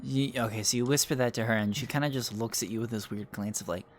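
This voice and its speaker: A man's voice: mid-range voice, fast, faint music behind. A man narrating as dungeon master of a tabletop game, moving between description and character lines.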